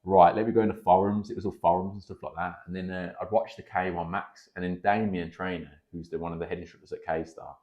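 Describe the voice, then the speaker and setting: A man, a pro kickboxer and coach chatting as a podcast guest, telling animated stories and swearing freely. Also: sits low, quick pace, hardly any pauses, muffled recording. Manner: animated storyteller, swears freely, acts out quotes. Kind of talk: casual podcast chat.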